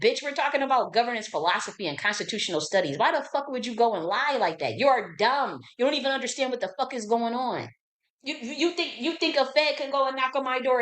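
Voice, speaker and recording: A woman's voice: high-pitched, expressive, fast, a bit bright. A woman, hosting her own channel, ranting casually, profane, repetitive and indignant. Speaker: channel host. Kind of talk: heated casual rant.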